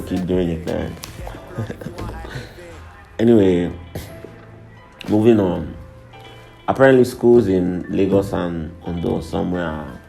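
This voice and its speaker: A young Nigerian man hosts a profane, irreverent comedic monologue, laughing between his lines. His voice sits low, with a creaky, dark tone. Faint music plays in the background.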